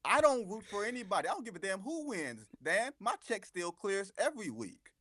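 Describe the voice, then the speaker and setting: A man talking as a guest basketball reporter on a sports radio show, animated and sarcastic, with strong emphasis. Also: sits high, brisk, no room sound.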